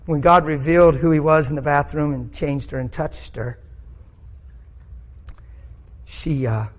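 A middle-aged man delivers a sermon in a slightly higher voice. He tells a personal story, his voice swelling and breaking with emotion. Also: fairly even intonation, slow pace, long pauses. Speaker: preacher.

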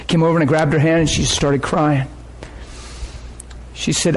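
Guy pastor preaching a story, high voice, gets loud and squeaky when he's worked up. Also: brisk, slight background noise. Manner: animated, swings up into high cries when excited; acts out quoted people in his stories. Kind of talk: sermon storytelling.

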